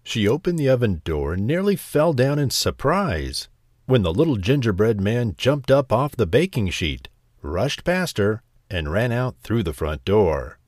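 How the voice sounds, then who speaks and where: Man, bedtime story narrator, slow, low, lively pitch. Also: no room sound, studio quality.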